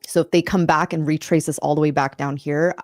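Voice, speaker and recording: A woman hosting a live trading stream, analyzing charts quickly and cursing under her breath. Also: low voice, fairly even intonation, darkish tone, dry recording, clean studio sound, soft background music. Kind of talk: casual live trading commentary.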